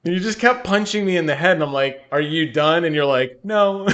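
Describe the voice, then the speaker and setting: A young man co-hosting a gaming podcast, telling a story in an animated way and laughing often. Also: a little high, quick pace, lo-fi sound. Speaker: podcast co-host. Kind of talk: casual chat.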